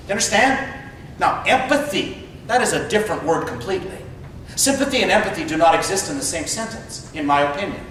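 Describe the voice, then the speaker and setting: A man in his fifties giving a humorous, conversational motivational speech, often repeating his opening words, recorded from a distance in an echoey hall. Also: a bit bright. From Canada. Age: 50s. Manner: conversational, repeats words when starting sentences. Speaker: motivational speaker. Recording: echoey hall, distant mic, faint rumble.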